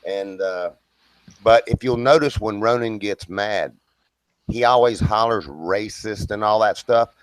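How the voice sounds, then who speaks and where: A man with a Southern US accent chatting casually on a livestream, with a relaxed drawl full of "you know.". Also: on the low side, unhurried, dry recording, rough recording. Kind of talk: casual chat.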